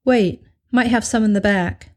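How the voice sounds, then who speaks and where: A woman reading aloud and voicing a weathered old gas station owner who talks slowly and tersely. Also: on the high side, natural voice. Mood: laconic.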